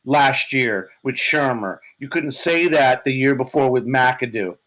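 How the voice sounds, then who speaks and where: A man co-hosting a sports podcast, talking excitedly and profanely about his team's win, his voice a bit hoarse. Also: medium pitch, measured pace, low-quality recording. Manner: animated, profane, laughing. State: hoarse from yelling. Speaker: podcast co-host, Giants fan.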